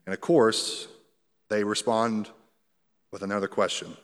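A man's voice: on the low side, fairly even intonation, unhurried, a bit bright, in a large hall. A male pastor preaching an expository sermon in a conversational way, explaining scripture verse by verse with light humor.

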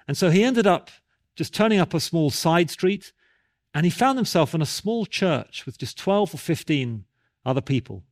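A man's voice: fairly high pitch, lively intonation, normal speed. A male pastor preaching a sermon, telling a story and building to emphatic repeated calls.

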